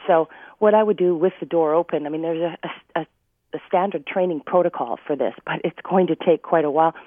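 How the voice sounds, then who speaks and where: A woman dog trainer giving advice on a radio call-in show, talking energetically and slipping into quick acted voices. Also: low voice, dry recording. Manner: energetic, acts out owners and dogs in quick voices. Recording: dry phone-line sound.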